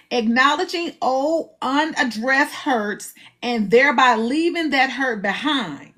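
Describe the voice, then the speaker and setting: A woman hosting a live book discussion, animated and preachy, acting out little dialogues as she goes. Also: on the high side. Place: live online stream.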